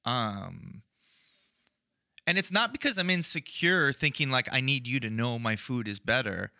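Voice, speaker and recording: Slow, bright-voiced man. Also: medium pitch, animated, vocal fry, no echo, clean studio sound. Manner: earnest, builds an analogy with many fillers and restarts. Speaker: podcast co-host. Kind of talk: casual faith discussion.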